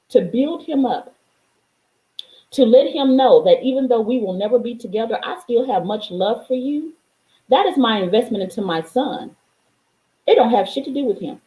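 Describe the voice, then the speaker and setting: A woman's voice: a little high, mellow, echoey room, poor audio. A woman in her thirties giving a blunt, profane motivational talk, preaching with emphasis. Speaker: motivational speaker.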